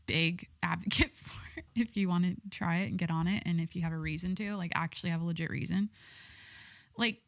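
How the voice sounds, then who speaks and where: A woman's voice: lowish voice, brisk, no echo. Rambling, foul-mouthed woman podcaster. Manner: rambling, swears often, many fillers. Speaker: podcast host. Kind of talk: casual solo chat.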